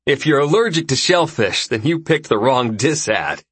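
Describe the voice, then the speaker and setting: Brief: man voicing a cocky young lord, chatty and lively, husky edge, audiobook character. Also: mid-range voice, normal speed, no echo, voice pushed up. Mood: breezy. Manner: breezy, chatty, self-assured. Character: jovial young male ruler, boastful host.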